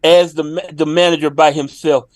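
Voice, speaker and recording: A male comedian, a guest on a podcast, telling a story in a lively, laughing way. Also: on the high side, a little fast, no room sound.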